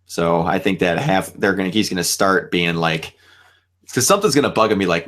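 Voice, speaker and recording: A young man hosting a casual fan chat, animated and laughing often, acting out lines as he talks. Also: low-pitched, fairly quick. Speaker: show host.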